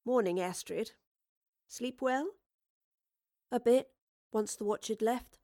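A woman voicing a plucky, blunt young female companion with a brisk, down-to-earth manner in an audiobook. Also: on the high side, warm tone. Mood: plucky, quizzical.

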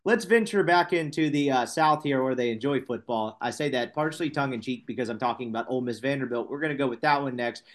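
A man hosting a casual sports betting podcast, rambling and correcting himself with wry asides. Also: medium pitch.

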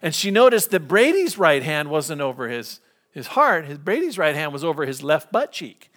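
A middle-aged man preaching a sermon as pastor, conversational and storytelling, slipping into lively impressions. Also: on the high side, moderate pace.

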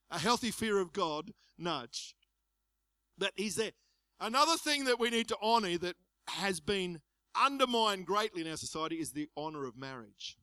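A middle-aged man preaching a sermon, swinging between loud emphasis and soft asides. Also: on the high side, no echo. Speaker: pastor.

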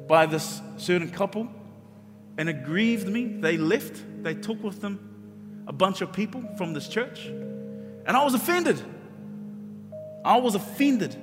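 A man preaching a sermon as pastor, impassioned and repetitive, acting out his own thoughts. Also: high voice. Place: church hall with long reverb. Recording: reverberant church hall.

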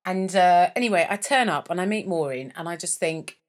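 A middle-aged woman co-hosts a casual comedy podcast. Her pitch swings widely as she tells stories, and she laughs often and drops into silly put-on voices. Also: animated, brisk. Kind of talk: casual chat.

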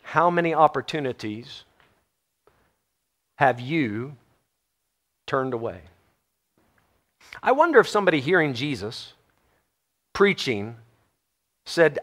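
A man preaching a sermon in a Texan American accent, moving from quiet, low passages to loud, animated ones. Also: a little slow, long pauses. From Texas. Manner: animated, swings from quiet to loud and laughs often.

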